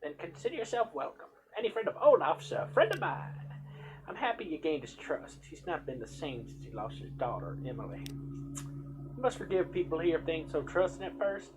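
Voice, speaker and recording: A man doing a high drawling Southern granny healer. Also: big pitch swings, moderate pace, noisy background. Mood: welcoming. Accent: Southern US, put on. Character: old female village healer, welcoming, grave.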